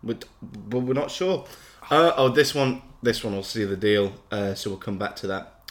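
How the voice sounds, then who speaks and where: A man's voice: lowish voice, steady tone, normal speed. A man hosting a casual podcast, reading out social media replies and laughing often. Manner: jokey, reads replies aloud with frequent laughs. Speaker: podcast host running a game.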